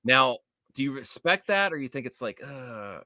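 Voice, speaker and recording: A man hosting a podcast, chatting casually about movies with animated, opinionated rants and quick asides. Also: mid-range voice, no echo, clean studio sound. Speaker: podcast host.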